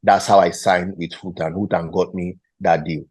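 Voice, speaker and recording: A man in his thirties, a former footballer and interview guest, telling a story and acting out the quoted dialogue in an animated way. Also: deep voice, moderate pace, husky, no echo.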